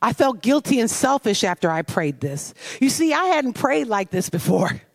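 A woman's voice: a little high, very animated, moderate pace, no echo. A woman sharing a personal testimony as a devotional message, earnest and confessional, often turning to ask the listener questions. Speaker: devotional speaker.

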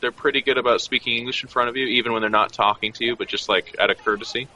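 Bright guy joking around on a gaming panel, chatty stories. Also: mid-range voice, rapid-fire, slight background noise, poor audio. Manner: animated storyteller, joking. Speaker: esports player on a panel. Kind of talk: casual banter.

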